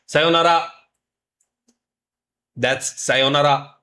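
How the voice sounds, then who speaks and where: A man's voice: medium pitch, animated, measured pace, pauses often, pushed and bright. A man teaching Japanese greetings on a livestream, joking around, mock-scolding chat and drilling pronunciation. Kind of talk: playful livestream lesson.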